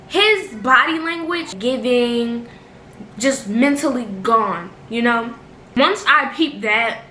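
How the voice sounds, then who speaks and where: A woman's voice: fairly high pitch, sharp tone. A young woman vlogger chatting casually through a storytime while eating at home, rambling with lots of fillers. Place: home bedroom, little brother playing nearby. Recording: echoey room with faint noise.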